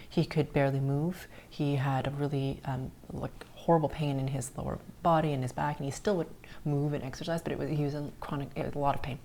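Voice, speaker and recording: Low-voiced woman telling a spiritual story. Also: a little hiss or hum. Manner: earnest, drops to soft whispers at tender moments. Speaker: podcast host. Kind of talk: personal storytelling on a spiritual podcast.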